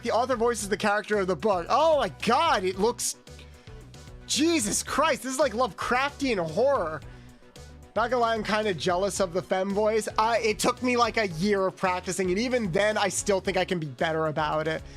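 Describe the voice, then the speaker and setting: A young adult woman streaming a video game as a VTuber, chatting casually and rambling with her viewers, swearing freely. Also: mid-range voice. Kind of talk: casual gaming stream chat.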